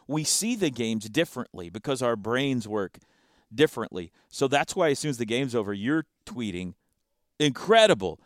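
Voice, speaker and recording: A man co-hosting a sports talk show in casual chat, playful and animated, breaking into sound effects. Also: medium pitch, clean tone, dry recording, clean studio sound.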